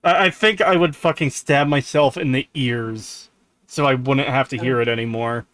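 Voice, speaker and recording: A man co-hosting a stream, chatting casually while reacting to a video, swearing freely and breaking into loud laughter. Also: medium pitch, fairly even intonation, normal speed, dry recording. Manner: swears, laughs loudly, exasperated outbursts. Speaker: streamer co-host.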